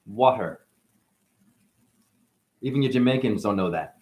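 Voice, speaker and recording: A man's voice: mid-range voice, a little slow, long pauses. A man acting as a spiritual teacher, talking through a rambling monologue with free-associating wordplay and musing asides.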